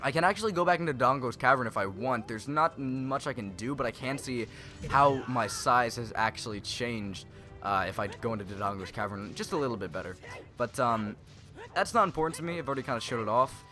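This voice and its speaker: Bright-voiced young man commenting on gameplay. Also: mid-range voice, fairly quick, faint music behind. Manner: rambling, self-correcting. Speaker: let's play host.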